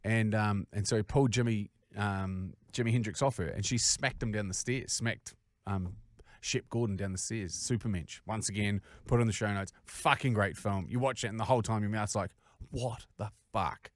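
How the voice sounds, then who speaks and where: A man with a New Zealand accent, co-hosting a podcast and telling sweary, animated stories in casual chat. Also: lowish voice, normal speed, no room sound, studio quality. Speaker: podcast co-host.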